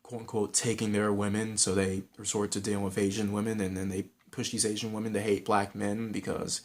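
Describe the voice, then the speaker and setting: A man's voice: lowish voice, level tone, fairly quick. A man with a Southern California accent giving frank, rambling advice in a casual vlog, with many restarts and fillers.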